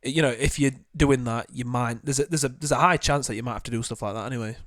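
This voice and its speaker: A man's voice: medium pitch, fast, a bit bright, no echo, clean studio sound. A young man, chatting casually on a podcast, telling stories and teasing his co-host. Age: young adult. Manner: storytelling, teasing and joking. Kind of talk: casual chat.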